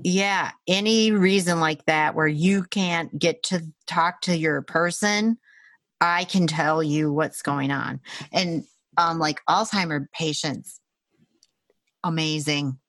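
Lively low-voiced woman telling a story. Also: slow pace, dry recording. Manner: animated, acts out quoted voices, laughs often, many fillers. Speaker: Reiki practitioner and intuitive healer. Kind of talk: casual storytelling in a conversation.

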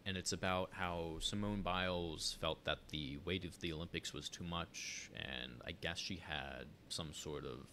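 A man's voice: deep voice, a little slow, hardly any pauses, pushed and bright, a little hiss or hum. A man co-hosting a casual podcast chat, giving opinions freely and reading a news article aloud. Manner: chatty, opinionated, many fillers and restarts. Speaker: podcast co-host.

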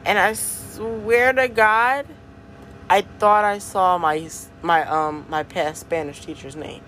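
A young woman hosting her own podcast, chatting casually in a slangy, animated way and laughing often. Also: medium pitch, slow, soft background music. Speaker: podcast host. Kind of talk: casual solo podcast chat.

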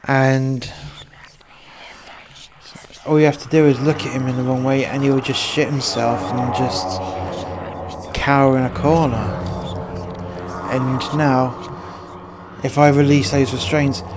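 A man's voice: mid-range voice, steady tone, music in the background, close to an everyday voice. A man doing a flustered, stammering father. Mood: agitated. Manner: flustered, stammering, rushes his words. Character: anxious father of a possessed boy. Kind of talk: amateur comedy horror acting.

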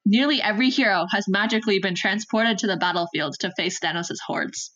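A woman narrating stage directions in a casual fan script reading, briskly and sometimes stumbling over names. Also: medium pitch, a bit bright, highs cut off.

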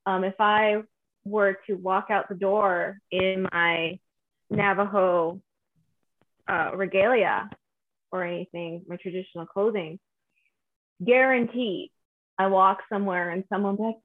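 A woman from northern New Mexico chatting casually, rambling with many restarts and lively quoting. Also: medium pitch, measured pace, long pauses. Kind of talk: casual conversation. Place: home in Santa Fe. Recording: phone-like video call audio.

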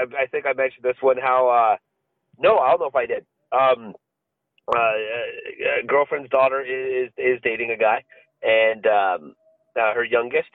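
A man's voice: mid-range voice, no room sound. A man co-hosting a podcast, telling a story with lots of swearing and laughter in casual chat. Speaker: podcast co-host. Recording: dry, phone-like lo-fi sound.

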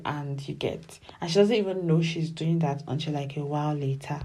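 A woman giving casual, animated commentary as she reviews a television drama. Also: low-pitched, moderate pace, few pauses. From Nigeria. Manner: animated and emphatic, often acts out dialogue.

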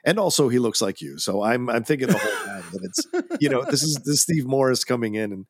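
A man's voice: medium pitch, sing-song, quick pace, breathy edge, no echo, studio quality. A man co-hosting a film podcast, chatting casually in an easygoing, enthusiastic way. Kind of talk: casual chat.

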